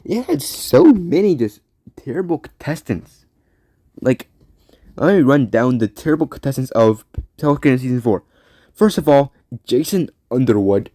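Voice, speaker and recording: A man's voice: mid-range voice, sing-song, moderate pace, long pauses, dark tone, no echo. A young man hosting a solo podcast, rambling and often correcting himself as he talks bluntly. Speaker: podcast host.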